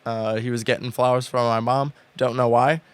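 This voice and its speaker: A man's voice: mid-range voice, flat delivery, moderate pace, clear, resonant tone, no room sound. A man in his late twenties co-hosting a podcast, rambling enthusiastically with lots of fillers and restarts. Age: late 20s. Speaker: podcast co-host. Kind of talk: casual chat. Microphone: podcast studio mic.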